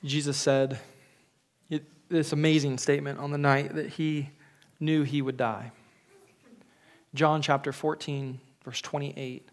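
A man's voice: on the high side, level tone, a little slow. A man giving a funeral sermon as pastor, earnest and searching, often restarting his words and sometimes dropping to a whisper.

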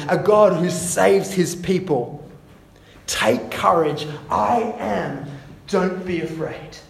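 A fairly high-voiced man delivering a sermon, stumbling over repeated words and then going soft and hushed. The recording sounds roomy, with a faint hum of ambience behind him. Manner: repeats words, drops to soft hushed tones for quoted lines. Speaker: preacher. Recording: echoey room with faint ambience.

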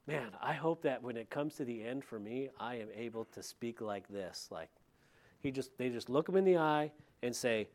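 A man, a middle-aged pastor, preaching a verse-by-verse sermon in a conversational way, with lively retelling and asides to the congregation. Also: mid-range voice, normal speed. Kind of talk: expository sermon.

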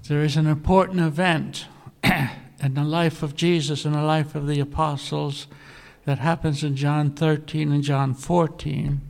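A male preacher giving a sermon, telling a scripture story earnestly and often clearing his throat. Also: on the high side. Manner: earnest storytelling, animated when quoting scripture.

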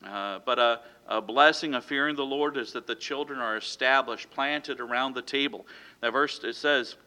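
A man delivers a sermon with a very bright, ringing tone. He speaks in a loose, conversational way, breaking off with fillers and restarting his sentences. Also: medium pitch, moderate pace. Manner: conversational, many fillers and self-corrections. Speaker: pastor.

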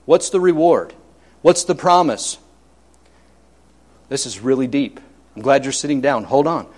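A man's voice: mid-range voice, measured pace, darkish tone. A man preaching a sermon as pastor, emphatic and repetitive, telling homely stories with humor.

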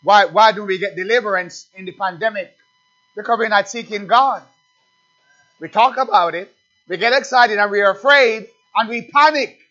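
High-voiced preacher man, lo-fi. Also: moderate pace. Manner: call-and-response, building to loud refrains. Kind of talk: sermon. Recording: dull lo-fi recording with faint music.

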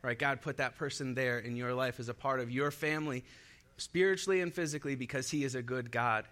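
A man's voice: medium pitch, a little fast, a bit bright. A young man preaching a sermon in an upbeat way, laughing often and leading the congregation in call-and-response. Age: young adult.

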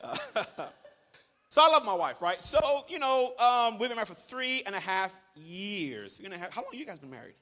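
A young man preaching a lively, joking sermon to a congregation, leading call-and-response. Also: sits high, moderate pace. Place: church hall. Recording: reverberant hall.

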